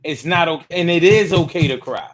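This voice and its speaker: A man's voice: a little high, a little fast. A man hosting a casual livestream and reading viewer comments aloud. He talks in a loose, profane way, often repeating himself and using fillers.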